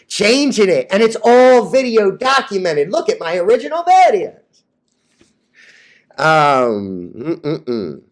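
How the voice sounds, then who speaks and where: Cocky young guy ranting about stocks on his vlog, highish voice, cracks himself up. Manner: brash, cocky, laughs at own jokes. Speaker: stock vlogger. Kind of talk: casual trading vlog rant.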